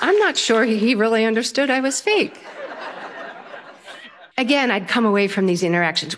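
An older woman telling a humorous personal story to an audience, lively and self-mocking. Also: on the high side, moderate pace, pauses often, some chatter behind.

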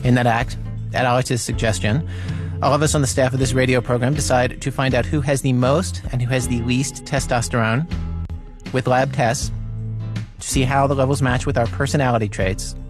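A man hosting a radio show, narrating a scripted introduction in a wry, measured way. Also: mid-range voice, fairly even intonation. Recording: music bed underneath.

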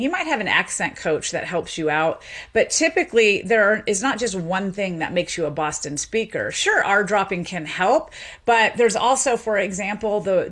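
A woman's voice: medium pitch, fairly bright tone. A woman from the American South, a linguist guest in a radio interview, explaining in an articulate way and laughing easily.

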